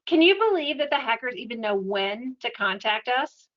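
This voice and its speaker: Woman, webinar presenter, steady explanatory tone, muffled computer-mic sound. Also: on the high side, moderate pace. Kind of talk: educational webinar talk.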